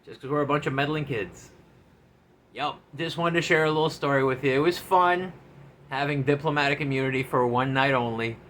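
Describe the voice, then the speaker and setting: A man, a former enlisted soldier, telling a story from his service days in a casual, animated, profane way. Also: mid-range voice, a little fast, slight background noise.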